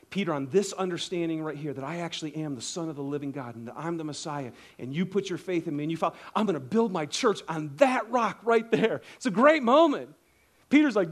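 A man preaching a sermon, telling a story with lively acted-out quotes and casual asides. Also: on the high side, fairly quick. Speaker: pastor.

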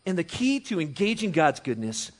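A man preaching a sermon as pastor, conversational and animated, moving from hushed to loud and emphatic. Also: on the high side, moderate pace. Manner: conversational with frequent restarts and chuckles.

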